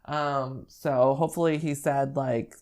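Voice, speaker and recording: Woman therapist, low voice, slow, calm, step-by-step teaching demo. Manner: calm, step-by-step explaining with fillers. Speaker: speech therapist demonstrating AAC modeling. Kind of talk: instructional demonstration.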